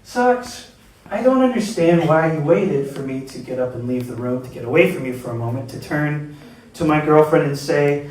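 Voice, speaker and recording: Man, higher voice, exasperated comic rant at a live reading, booming echoey venue, heard from a distance. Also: lively intonation, unhurried, background noise. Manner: exasperated, addresses an absent person, laughs mid-sentence. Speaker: open-mic storyteller. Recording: very echoey room, voice from far off.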